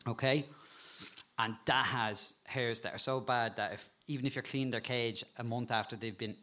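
A man with an animated way of telling stories, a guest talking casually about insects and spiders and laughing at times. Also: mid-range voice, normal speed. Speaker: guest, insect and frog expert. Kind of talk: casual storytelling chat.

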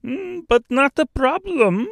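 Imagine a towering, overly helpful male stork in an audiobook, with a thick accent that mixes Austrian and French. He sounds grand and a little pompous, his pitch climbs high and lively, and he draws out his words slowly. The voice is dry and close, with no room sound. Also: gravelly, dry recording, heavily acted. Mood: eager. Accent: mixed Austrian and French. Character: huge kind-hearted male stork, pompous.

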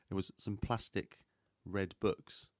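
A man's voice: deep voice, little pitch movement, slow pace, dry recording, studio quality. A young man co-hosting a podcast, telling stories in casual chat, laughing often and swearing freely. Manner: giggly, storytelling, swears freely. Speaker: podcast co-host.

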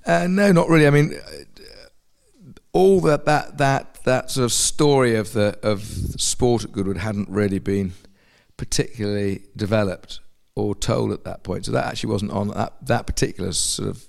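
A man answers an interview question, stopping and restarting as he searches for words. His voice is low with a gravelly edge. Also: normal speed, a little mellow. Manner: hesitant, many restarts and fillers. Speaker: interview guest.

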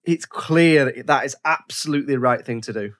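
A man's voice: medium pitch, fairly quick, a bit bright. A man co-hosting a casual film podcast, thinking aloud with frequent restarts and fillers. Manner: thoughtful, many restarts and fillers.

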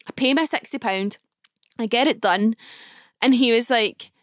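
A Scottish woman in her early twenties with a Glasgow accent, hosting a podcast and telling a personal story in a chatty, expressive way with comic exaggeration. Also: a little high, unhurried, no room sound, studio quality. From Scotland. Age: early 20s. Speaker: podcast host. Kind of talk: casual storytelling monologue.

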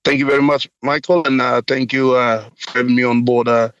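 A man from Papua New Guinea, a guest in a casual interview, talking haltingly with many fillers. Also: medium pitch, little pitch movement, a bit bright, smooth, muffled recording.

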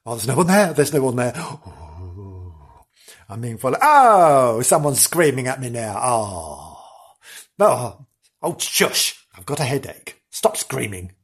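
A hungover, dotty middle-aged woman, as a man puts her on, rambling and giggling her way through a comic monologue. Her voice is husky and breathy, pitched a touch above a man's usual middle register. She sounds dazed and scatterbrained, losing her thread and laughing it off. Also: sing-song, takes it slowly, heavily acted. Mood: dazed, giggly.

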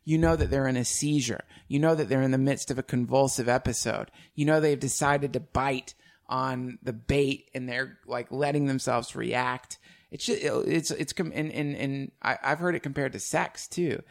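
A man's voice: mid-range voice, fairly even intonation, moderate pace, creaky. A man hosting a podcast, talking casually and animatedly, swearing and laughing as he speaks. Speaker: podcast host. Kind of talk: casual conversation.

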